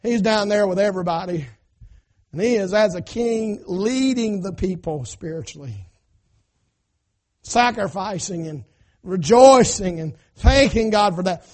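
High-voiced preacher swinging loud to hushed. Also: male voice, lively intonation, a little slow. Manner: paraphrases scripture in folksy everyday speech. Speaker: pastor. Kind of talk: sermon.

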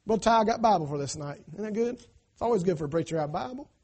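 High-voiced preacher man. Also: animated, fast talker. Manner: emphatic, swinging between loud cries and hushed asides, call-and-response. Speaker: pastor. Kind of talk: sermon. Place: church.

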